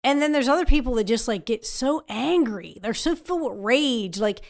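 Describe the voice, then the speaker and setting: A woman chatting casually as a podcast co-host, talkative and quick to laugh. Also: on the high side, animated. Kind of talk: casual chat.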